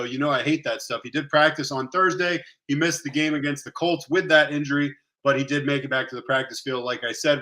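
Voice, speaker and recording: A man co-hosting a fantasy football show in a relaxed, chatty, conversational way. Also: medium pitch. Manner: chatty, conversational, uses fillers and tangents. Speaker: fantasy football podcast co-host. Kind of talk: casual sports analysis chat.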